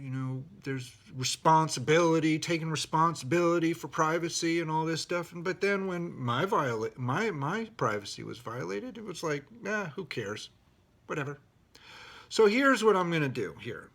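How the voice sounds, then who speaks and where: A middle-aged man telling a personal story, indignant and animated, with outraged quoted exclamations. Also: fairly high pitch.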